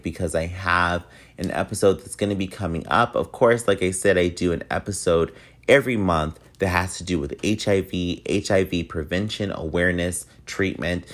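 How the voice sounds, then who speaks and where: A man hosting a podcast, talking in a casual, earnest way with a whiny, nasal voice. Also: deep voice. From United States. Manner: chatty, earnest, repeats himself. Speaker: podcast host.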